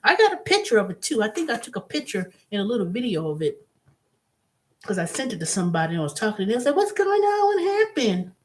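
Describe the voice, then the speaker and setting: A woman hosting her own channel, telling a story in a casual, animated monologue with blunt, profane language. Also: mid-range voice, quick pace. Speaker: host.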